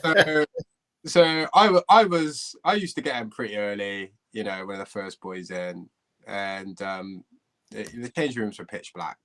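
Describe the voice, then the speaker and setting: A former footballer, a man, telling a lively anecdote as a guest on a live podcast, laughing often. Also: lowish voice, a little slow, rough recording. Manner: animated, laughing storyteller. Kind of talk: storytelling.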